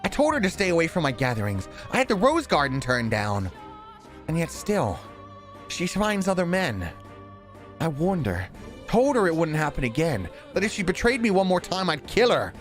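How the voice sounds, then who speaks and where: A man's voice: fairly high pitch, very animated, moderate pace, soft background music, voice pushed up. Brief: jealous nobleman, frantic and vengeful, voice climbing, read by a male streamer. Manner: agitated, pleading, raised voice. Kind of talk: visual novel dialogue read aloud.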